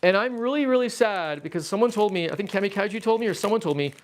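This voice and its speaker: Fast-talking, with a voice that sits high, a Canadian man hosts a laid-back livestream as he packs up his toy collection. He reads the chat aloud and rambles playfully, getting excited at the slightest thing.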